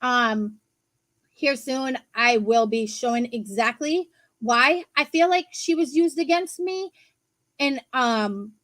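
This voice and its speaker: Upset high-voiced woman venting on stream. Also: takes it slowly, a bit bright, no echo. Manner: hurt, rambling, hesitant with fillers. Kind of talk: upset livestream monologue.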